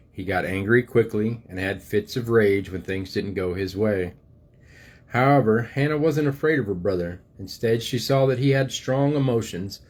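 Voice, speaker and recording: An older man, a grandfather, reading a storybook aloud to his grandchildren in a gentle, unhurried way. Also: lowish voice.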